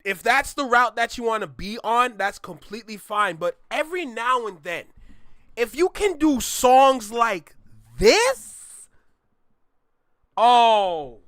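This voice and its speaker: A young man hosting a music reaction, talking casually with loud outbursts and hushed awe. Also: very high voice, expressive, measured pace, no room sound, clean studio sound.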